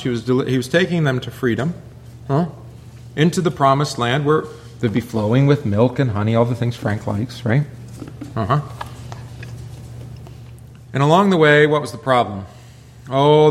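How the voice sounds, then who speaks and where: A man, a pastor, teaching a Bible class in a relaxed conversational way, peppering it with rhetorical questions and asides. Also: medium pitch, echoey room, slight background noise.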